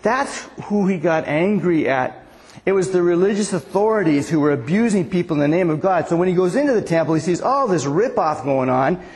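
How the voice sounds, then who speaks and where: A man's voice: high voice, expressive, brisk, darkish tone. A man in his sixties giving a casual sermon as a pastor, telling stories with lots of restarts. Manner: chatty storytelling with many restarts. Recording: echoey hall reverb.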